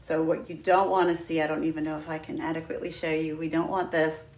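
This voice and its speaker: A woman's voice: deep voice, level tone, quick pace, darkish tone, echoey room. A woman teaching a flute lesson, patient and demonstrative, walking students through each step. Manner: patient, demonstrative, breaks into sung "ha ha" drills. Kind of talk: instructional lesson.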